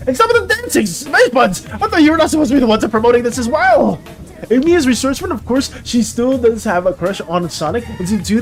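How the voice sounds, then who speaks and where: An art streamer talks casually with viewers on a live stream in a medium-pitched voice, full of chatty filler and playful mock outrage.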